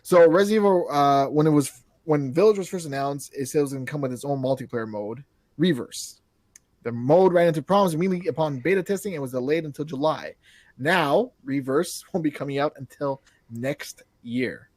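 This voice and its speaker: A man's voice: fairly high pitch, a little fast, darkish tone, dry recording, studio quality. A man co-hosting a casual podcast, rambling, swearing freely and laughing at his own jokes. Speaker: podcast co-host. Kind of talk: casual chat.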